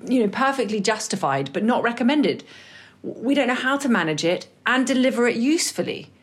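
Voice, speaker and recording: A woman's voice: on the high side, expressive, fairly quick. A middle-aged woman co-hosting a podcast, frank and conversational, swearing casually. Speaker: podcast co-host. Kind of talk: podcast chat.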